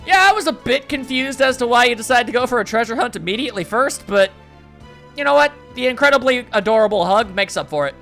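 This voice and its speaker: A let's play commentator with a very high, lively, creaky voice talks fast, bright and forceful over a game. He's wry and chatty, reading the game's dialogue aloud with faint game music behind him.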